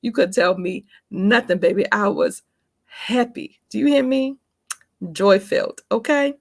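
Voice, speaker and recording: A woman's voice: medium pitch, measured pace, gravelly, no echo, clean studio sound. A woman in her forties telling a personal story in a casual vlog, chatty and emphatic, calling her viewers honey and baby. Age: 40s. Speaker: vlogger.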